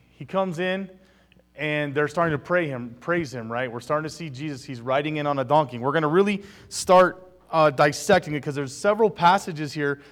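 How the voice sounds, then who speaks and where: A man leads a Bible study, reading scripture aloud and then unpacking it. His voice sits a bit on the high side. He speaks casually and often asks his listeners questions. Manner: fillers and restarts in teaching. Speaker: Bible teacher.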